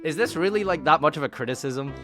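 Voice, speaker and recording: Animated, sarcastic Scottish man. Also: a little high, fast, soft background music. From Scotland. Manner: sarcastic, exasperated, swings into mock outrage. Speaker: streamer reacting to criticism. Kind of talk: casual reaction commentary.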